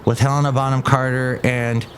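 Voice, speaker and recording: A man's voice: mid-range voice, flat delivery, moderate pace, a little hiss or hum. A middle-aged man hosting a podcast, talking casually with a rambling, filler-heavy manner. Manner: rambling, chatty, full of fillers. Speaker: podcast host. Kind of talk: casual chat.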